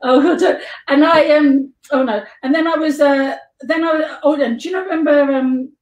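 An older London woman with a high voice chats on a video call, giggly and quick to jump from one anecdote to the next. Her voice bounces around an echoey room. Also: steady tone, a little mellow. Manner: chatty, giggly storyteller who jumps between tangents. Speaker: guest and life model. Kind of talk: rambling anecdotal chat. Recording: echoey room on a live stream.

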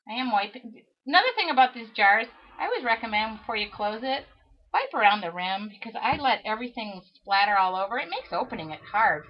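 A middle-aged woman leading a live craft tutorial, chatty and self-mocking as she talks herself through the work. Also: medium pitch. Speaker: craft demonstrator. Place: craft studio. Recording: dull lo-fi livestream audio with faint hiss.

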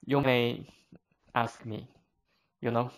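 A man's voice: mid-range voice, level tone, slow. A man whose first language is Chinese, teaching vocabulary to learners in a patient, step-by-step way with frequent fillers.

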